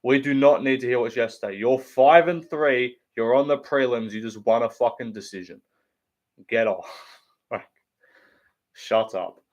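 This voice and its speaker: A man's voice: medium pitch, steady tone, moderate pace, long pauses, highs cut off. A man hosting a live fight watch-along stream, ranting bluntly with lots of swearing and mocking the fighters while answering chat. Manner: blunt, profane, mocking rant.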